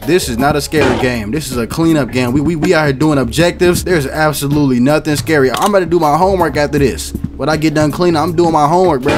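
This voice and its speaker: A young gaming YouTuber with a slightly high voice talks fast, barely pausing, over music while playing a horror game. His commentary is casual and slangy; he's jumpy, talks to himself and bursts into startled shouts.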